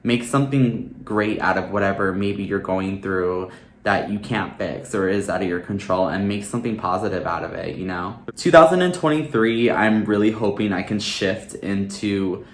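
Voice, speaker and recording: A man's voice: on the low side, normal speed, echoey room, slight background noise. A man speaking earnestly and openly in a personal vlog, reflecting on his year and giving advice. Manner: earnest, open and heartfelt, with filler "like" and "you know". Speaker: vlogger.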